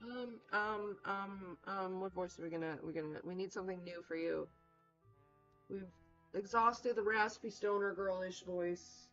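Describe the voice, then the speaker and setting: A woman casually comments as she plays a detective game, chatty and self-mocking, thinking aloud between clues. Her voice has a middle pitch. The audio is dull and lo-fi, with faint game music underneath. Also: measured pace, a bit bright. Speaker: streamer playing a detective game. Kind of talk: casual let's-play commentary.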